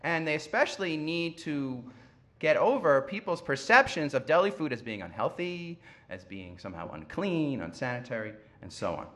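A man's voice: a little high, big pitch swings, moderate pace, fairly bright tone. A man giving a public lecture in a wry, conversational manner, often checking in with "right?".

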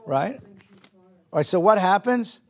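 A man teaching a Jewish text class to a live audience, animated, asking the room questions and mixing in Hebrew and Yiddish words. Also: sits high, a little slow.

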